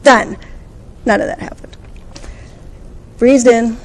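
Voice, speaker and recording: A woman giving a conference talk, telling a story and acting out the quoted dialogue with lively energy. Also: on the high side, takes it slowly. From United States. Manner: animated, acts out quoted dialogue. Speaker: conference speaker.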